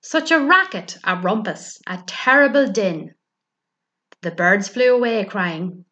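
A librarian reading a rhyming picture book aloud for children. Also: female voice, medium pitch, expressive, takes it slowly, sharp tone, lo-fi sound. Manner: rhythmic rhyming delivery. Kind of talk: storybook read-aloud for children.

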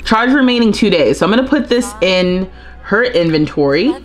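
A woman's voice: medium pitch, lively intonation, moderate pace, faint music behind. A young woman streaming a life-simulation game live, chatting and thinking aloud as she plays. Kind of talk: live gameplay commentary.

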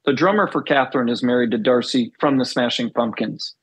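A middle-aged man, a former band bassist, telling stories in a casual interview and acting out the dialogue he recalls. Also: brisk, breathy edge, rough recording. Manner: animated storyteller, acts out quoted dialogue.

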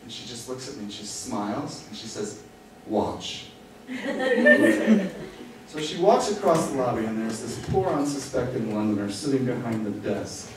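A man's voice: mid-range voice, moderate pace. American guy doing live storytelling, voice bounces all over, echoey theater mic from far off with noise. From United States. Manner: animated, self-mocking, acts out quotes. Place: theater stage.

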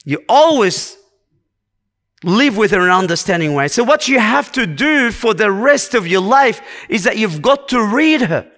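A man's voice: sits high, big pitch swings, moderate pace, fairly bright tone. A man preaching a sermon to a congregation, earnest and exhorting, driving his points home with short repeated commands.

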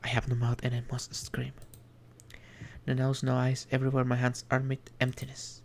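A man streaming an indie game, reading its text aloud in a measured, reflective way with small asides. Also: medium pitch, completely flat delivery.

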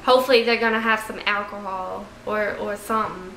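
A woman's voice: medium pitch, steady tone, fairly quick, pushed and bright. A young woman playing a spoiled, lazy party girl, speaking offhand in a mock reality-show confessional. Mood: blasé. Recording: echoey room with faint noise.

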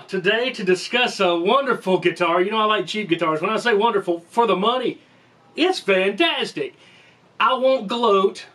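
A man's voice: high voice, a bit bright. A man giving a casual, jokey guitar review in a room at home, rambling and interrupting himself as he goes. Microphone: camera mic, sometimes far.

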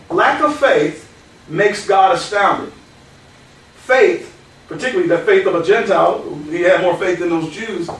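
A fairly high-voiced pastor teaches the Bible verse by verse in a conversational manner, switching between quoted scripture and casual stories. He sounds far from the microphone in a very echoey hall, with faint noise underneath.

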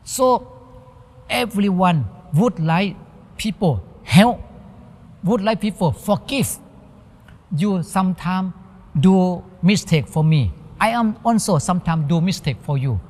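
A Thai Buddhist monk gives a dharma talk as a sermon in a lively, high male voice. He speaks simple, halting English and acts out little dialogues, and the recording has long hall reverb.

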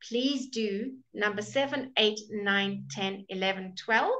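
A woman's voice: mid-range voice, takes it slowly, a bit bright, dull audio, slight background noise. A woman teaching English grammar in a live online class, explaining patiently and checking in with "okay?".

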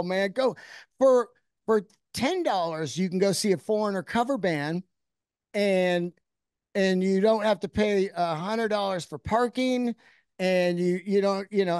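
A man's voice: high voice, clean tone, no room sound, studio quality. A man hosting a podcast in casual chat, telling stories animatedly and swearing freely while he acts out what people said. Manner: profane, animated storyteller, acting out quotes. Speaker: podcast host.

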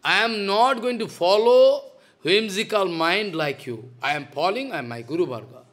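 A man's voice: sits high, lively intonation, normal speed, a bit bright. A man, a spiritual teacher giving a devotional lecture in a stern, scolding manner, repeating his points. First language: Bengali.

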